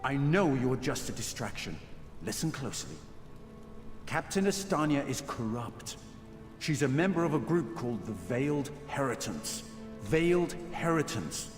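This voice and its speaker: A man's voice: mid-range voice, very animated, moderate pace, lightly acted. An actor playing a frightened, cornered male elf informant in a video game, talking in a desperate, pleading way. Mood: urgent. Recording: roomy game audio with long reverb and music.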